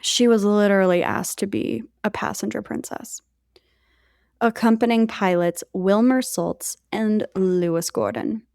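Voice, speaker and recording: A woman's voice: mid-range voice, a little slow, vocal fry, darkish tone, dry recording, studio quality. A woman co-hosting a podcast, telling a history story in a chatty way with jokey asides to her co-host.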